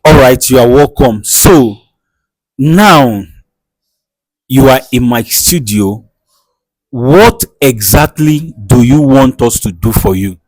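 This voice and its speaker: A man hosts a comedy skit in a studio, calmly soothing a guest and repeating gentle phrases. His voice is mid-pitched and unhurried. The sound is close and dry. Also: dry recording, poor audio. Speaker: host.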